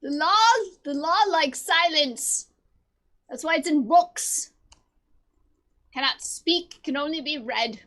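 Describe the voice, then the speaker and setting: A woman improvising a fussy older female law librarian who talks in a stiff, halting way on a comedy stage. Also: high-pitched, fairly bright tone, rough recording. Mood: prim. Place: theater stage.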